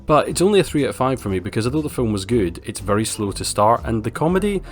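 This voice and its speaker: A man's voice: medium pitch, very animated, fast talker, faint music behind. A Scottish man giving a casual film review, blunt and wryly sarcastic. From Scotland.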